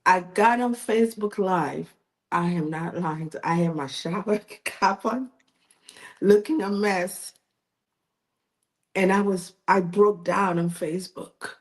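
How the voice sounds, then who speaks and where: A middle-aged woman shares a personal story in an interview, her voice a little low. She talks with feeling, laughing often and going back over her words as she goes. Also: slow. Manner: emotional, tearful at times, laughing, repeats herself. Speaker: author and magazine editor.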